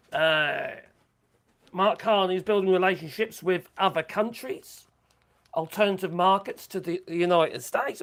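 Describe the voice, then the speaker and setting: A man's voice: sits high, fairly bright tone. Chatty Norfolk man on a live stream. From England. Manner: chatty, crude and mocking, muttering asides. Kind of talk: casual live-stream chat reading viewer comments.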